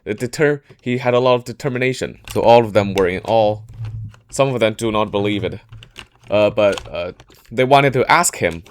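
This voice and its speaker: A man telling a history story in a casual podcast style, halting often and correcting himself mid-sentence. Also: fairly low pitch, a little hiss or hum. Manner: halting, frequent restarts and self-corrections.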